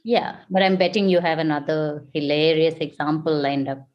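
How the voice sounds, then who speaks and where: A woman's voice: low voice, steady tone, moderate pace, dull audio. A woman co-hosting a casual chat about words, teasing, asking questions and laughing easily. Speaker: podcast co-host.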